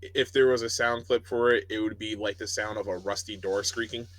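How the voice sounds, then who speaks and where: A man's voice: lowish voice, steady tone, a little fast. A man running a tabletop game as game master, narrating in a loose, joking way. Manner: loose, joking, often laughing.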